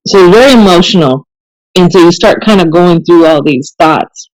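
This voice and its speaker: A woman, a police officer, telling stories in a casual podcast conversation, chatty and animated and laughing often. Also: fairly low pitch, a little slow, no room sound, poor audio.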